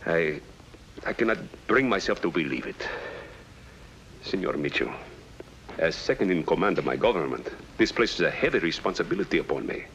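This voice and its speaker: An actor playing a grave, formal government deputy who speaks with courteous formality, on a dull, hissy old soundtrack. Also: male voice, low voice, lively intonation, moderate pace, a bit bright. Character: grave, formal second-in-command official, middle-aged man.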